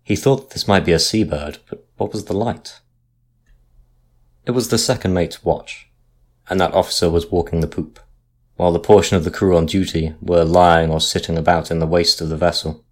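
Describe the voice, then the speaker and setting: A man reading a sea story aloud as narrator, in a measured, steady manner. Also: low-pitched.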